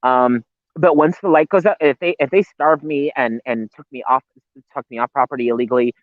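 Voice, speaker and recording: A man's voice: medium pitch, a little fast, no room sound. A man who is a guest on a live-stream interview, talking in a heated, rambling way with swearing and many restarts. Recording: tinny phone-like line, dry.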